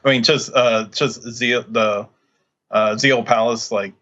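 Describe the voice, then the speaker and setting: A man's voice: medium pitch, fairly even intonation, slow, a bit bright, highs cut off. A man co-hosting a podcast, explaining a video game's story casually with frequent fillers. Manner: explains game lore, hesitant fillers. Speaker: podcast co-host. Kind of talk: casual game discussion.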